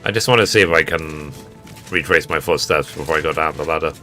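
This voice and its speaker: Man, streamer, casual gameplay commentary, very low voice, faint music behind. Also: fast, sharp tone. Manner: musing aloud to himself, hesitant with fillers. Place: streamed with game audio.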